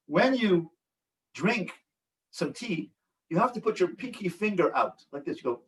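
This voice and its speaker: A high-voiced older man teaches a support group over a video call, animated and storytelling. He acts out the voices of the people in his anecdotes. The mic sits a little away from him. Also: moderate pace, far from the mic, rough recording. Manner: animated storytelling with acted-out quotes. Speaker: rabbi and relationship coach. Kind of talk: online support group talk.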